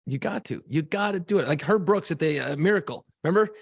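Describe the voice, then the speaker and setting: A man's voice: fairly high pitch, expressive, fast, vocal fry, slightly rough, no room sound, clean studio sound. A man co-hosting a podcast in casual chat, handing out blunt advice and swearing freely. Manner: blunt, swears, gives pep-talk advice. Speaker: podcast co-host.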